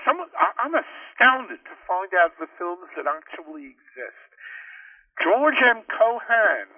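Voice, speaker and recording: An older man, a guest in an interview, telling long rambling anecdotes with many restarts and excited asides. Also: on the high side, no room sound. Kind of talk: storytelling in an interview. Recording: tinny phone line, distant from the mic.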